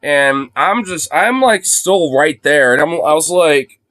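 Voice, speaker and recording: A man's voice: a little high, expressive, a little slow, fairly bright tone, no room sound. A man chatting casually on a phone livestream, rambling and swearing freely, with lots of fillers. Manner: rambling, profane, heavy use of fillers.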